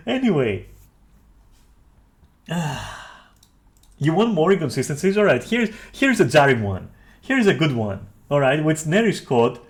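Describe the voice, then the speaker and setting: A man streaming a casual review, ranting loudly with heavy swearing, then dropping into quieter apologetic talk. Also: fairly high pitch, sing-song, normal speed, long pauses. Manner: loud, profane, exasperated ranting that drops into quieter, apologetic talk.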